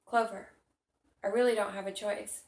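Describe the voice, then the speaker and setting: A woman reading the lines of a troubled young man on the run, in her own soft, earnest voice. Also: mid-range voice, steady tone, moderate pace, creaky, reverberant, close to an everyday voice. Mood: pleading.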